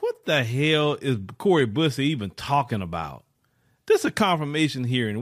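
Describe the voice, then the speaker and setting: A man's voice: mid-range voice, sing-song, normal speed, fairly bright tone, no echo, studio quality. A man hosting a casual reaction commentary, blunt and incredulous, stopping a clip to argue with it and firing repeated questions.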